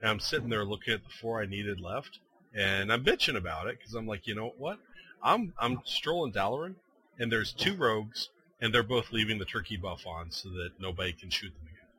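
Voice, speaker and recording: A man chatting on a casual gaming podcast, his voice bright and forward. He tells stories with a lively, swooping delivery, laughing often and acting out what others said. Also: fairly low pitch, fairly quick. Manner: animated storyteller, laughs often, acts out quoted lines. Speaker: podcast co-host. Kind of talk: casual chat.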